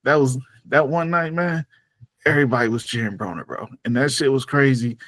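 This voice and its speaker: A man's voice: mid-range voice, fairly quick, fairly bright tone, no echo. Chill guy hosting a wrestling podcast, dry close sound, keeps saying bro, laughs a lot. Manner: laid-back, peppers talk with "bro", laughs often. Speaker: podcast host. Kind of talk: casual podcast chat.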